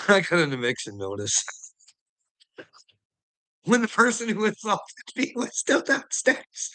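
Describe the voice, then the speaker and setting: A man's voice: a little high, big pitch swings, unhurried, pauses often, pushed and bright. A man in an angry monologue, swearing constantly, ranting and laughing bitterly between lines. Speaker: vlogger.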